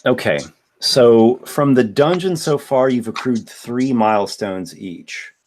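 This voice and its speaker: A man's voice: medium pitch, takes it slowly, a little mellow. A man running a tabletop game as game master, talking loosely and thinking aloud. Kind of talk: casual tabletop game talk.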